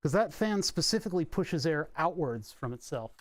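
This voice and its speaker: A man live-streams from his workbench, tinkering with electronics while chatting casually in a rambling, wry way with the odd swear, using a desk microphone. His voice is on the high side and animated at normal speed, with clean studio sound and no room sound.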